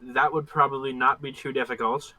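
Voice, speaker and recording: Man in his own voice as an earnest adventurer, very bright tone, halting and polite. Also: medium pitch, flat delivery, no echo.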